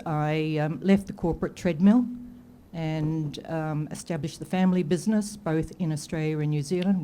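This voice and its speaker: A woman in her fifties, a board director, speaking in formal meeting remarks that are measured and full of hesitations. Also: deep voice, warm tone, a little hiss or hum.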